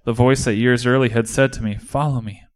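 In a church service, a man with a medium-pitched voice and level tone delivers an impassioned first-person monologue as a disciple. He speaks quickly, telling the story with passion and indignation.

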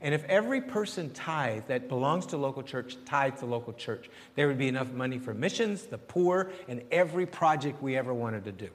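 A man pastor giving a conversational sermon with questions and answers, animated and repeating phrases as he searches for words. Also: mid-range voice, brisk, hardly any pauses, long reverb tail.

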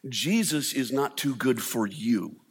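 A man's voice: mid-range voice, animated, takes it slowly, slightly rough. A man preaching a sermon in a conversational, humorous way, with quoted voices acted out. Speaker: pastor. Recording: long hall reverb.

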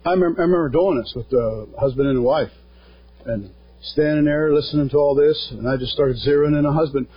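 A pastor preaching a sermon, earnest and plain-spoken, quoting scripture along the way. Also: male voice, on the high side, a little fast, husky. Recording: dull lo-fi sound.

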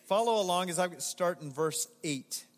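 A man preaching a sermon to his congregation, animated and emphatic, inviting them to respond aloud. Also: high-pitched, moderate pace, big-room sound. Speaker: pastor. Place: church sanctuary.

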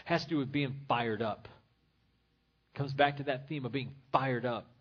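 Husky-voiced man preaching a sermon. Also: medium pitch, moderate pace, muffled recording. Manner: earnest preaching with repeated phrases. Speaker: pastor.

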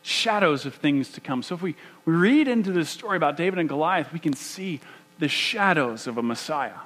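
A man preaching a sermon, animated and emphatic, often restarting his phrases. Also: on the high side, a little fast. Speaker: pastor.

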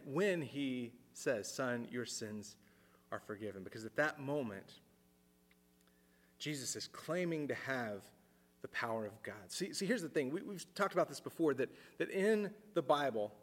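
A man preaching a sermon in an earnest way, repeating words as he thinks aloud and dropping his voice low for emphasis. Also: expressive, measured pace, big-room sound. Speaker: pastor.

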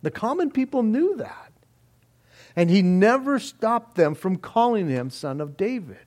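Slow-speaking, earnest man preaching a sermon. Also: high-pitched, sing-song, darkish tone. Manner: earnest, emphatic teaching with scripture reading. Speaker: pastor. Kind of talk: expository sermon.

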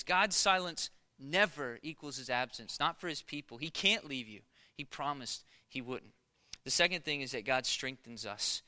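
A man in his thirties preaching a sermon in a conversational storytelling way, swinging between loud bursts and hushed passages. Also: a little high, clear, resonant tone. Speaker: pastor.

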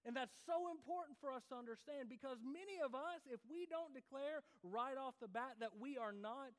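A pastor with a very high voice preaches conversationally at normal speed with few pauses, often checking in with the congregation through frequent "right?" asides. The recording carries the long reverb of a large hall.

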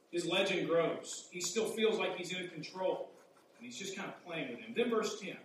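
A man's voice: high-pitched, animated, normal speed. A man preaching a sermon in a conversational way, asking his listeners rhetorical questions. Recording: echoey hall, mic far off, faint hum.

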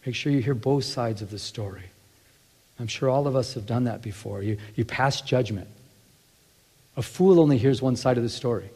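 A man's voice: medium pitch, moderate pace, a little mellow, husky, in a large hall. A man teaching from the Bible in a conversational sermon, often restarting and acting out little asides. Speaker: preacher.

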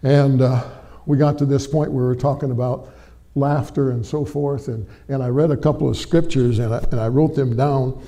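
A man's voice: mid-range voice, fairly even intonation, moderate pace. A middle-aged man preaching a sermon to a church congregation, folksy and chatty, peppering his talk with amens and questions to the people. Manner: folksy, warm storytelling with frequent amens and tag questions to the congregation. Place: church before a live congregation.

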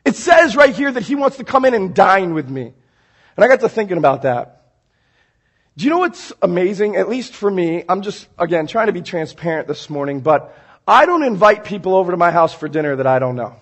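Speaking briskly in a high voice, a male pastor gives a sermon from a church sanctuary, bringing everyday stories to life by acting out scenes.

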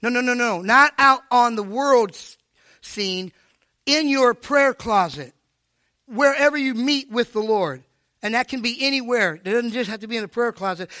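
An older man preaching a sermon at a live church service, animated and preachy, with joking asides. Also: very high-pitched, no room sound, clean studio sound. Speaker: pastor.

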